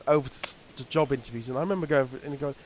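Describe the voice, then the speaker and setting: A man's voice: mid-range voice, a little hiss or hum. A British man co-hosting a podcast in casual, rambling chat with lots of fillers and restarts. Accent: British English. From Britain. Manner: rambling, halting, many fillers. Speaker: podcast co-host.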